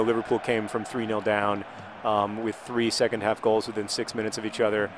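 A video host with a medium-pitched voice comments casually while playing a video game, rambling, restarting sentences, and breaking into sudden excited outbursts. The background is noisy.

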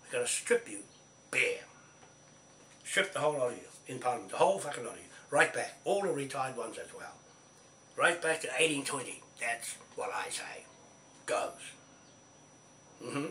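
A man's voice: medium pitch, animated, moderate pace, long pauses, sharp tone. A man with a New Zealand accent delivering an angry, profane monologue as a land claimant, ranting and coughing now and then. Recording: roomy, distant mic, faint noise.

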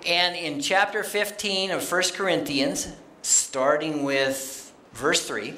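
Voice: mid-range voice, takes it slowly, pushed and bright. A guest speaker giving a conversational sermon in a church sanctuary, plainspoken and quoting scripture, talking straight to the congregation. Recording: roomy church acoustics.

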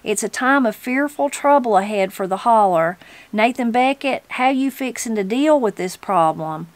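A woman's voice: fairly high pitch, expressive, moderate pace, dry recording, natural voice. Woman reading as a fierce old mountain granny. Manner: plain-spoken, stubborn.

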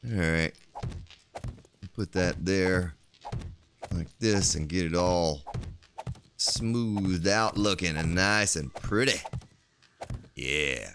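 A man's voice: low voice, extremely slow, pauses often, fairly bright tone, slight background noise. A man streaming a video game, chatting casually and rambling to his viewers. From United States. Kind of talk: casual live-stream commentary.

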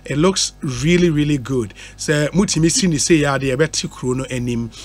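Soft music plays in the background as the Ghanaian radio host, speaking at normal speed in a higher voice, reads out listener messages through a studio microphone. He mixes Twi and English and stays animated, laughing frequently.

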